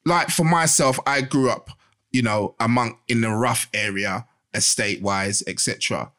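A man co-hosts a casual podcast chat. He lays out his view at length in a mid-pitched voice and keeps checking that the other person follows him. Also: moderate pace, a bit bright. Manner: explains at length, often asks if he's understood. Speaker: podcast co-host.

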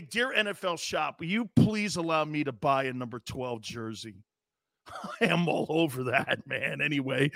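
A man hosting a sports talk show, talking loudly and brashly and often breaking into shouts. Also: on the high side, no room sound, clean studio sound. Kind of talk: ranting sports talk monologue.

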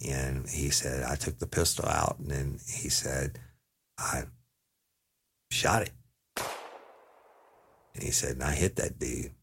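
An extremely low, breathy-edged male voice carries this story of a police interrogation. He tells it to an audience in a casual, profane way, acting out the dialogue he quotes.

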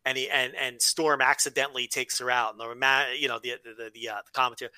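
Bright-voiced man chatting on a podcast. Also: mid-range voice, fast, hardly any pauses, no echo. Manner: rambling, animated, profane, frequent restarts. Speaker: podcast co-host. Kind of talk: casual podcast chat.

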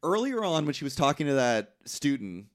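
A man co-hosting a podcast, chatting casually about a film, with quick joking asides. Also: a little high, big pitch swings. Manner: joking asides and short backchannels. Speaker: podcast co-host. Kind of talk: casual movie discussion.

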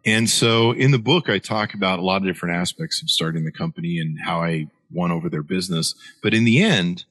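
Give me a deep-voiced middle-aged man telling an animated, rambling story, recorded dry. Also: fairly quick, breathy edge, dry recording. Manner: rambling, animated storyteller with many fillers and restarts. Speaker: author and interview guest. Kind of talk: casual storytelling in an interview.

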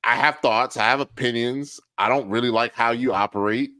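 A man's voice: mid-range voice, moderate pace, no room sound. A man co-hosting a casual sports podcast, telling stories with lots of laughter and acted-out quotes. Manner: animated, laughs often, acts out quotes. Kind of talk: casual chat, storytelling.

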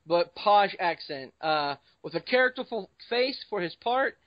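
Guy hosting a podcast, kinda high voice, rambly, muffled dry mic. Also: expressive, measured pace, dry recording. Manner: rambling, loose, many fillers. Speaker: podcast host. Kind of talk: casual podcast chat.

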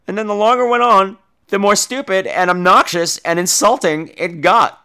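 A man with a high, bright voice and a New York accent rants through a comedy podcast. His pitch swings widely as he acts out quotes in overblown voices and swears freely. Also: moderate pace. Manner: animated, profane, acts out quotes in exaggerated voices. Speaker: podcast host.

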